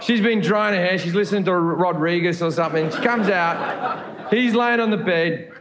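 A man's voice: high-pitched, normal speed, background noise. A male stand-up comedian telling dry, provocative jokes on stage. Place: comedy venue. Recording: echoey room with live crowd.

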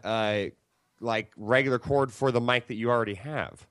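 A man in casual podcast banter, throwing in quick, teasing interjections. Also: medium pitch, fairly even intonation, very noisy.

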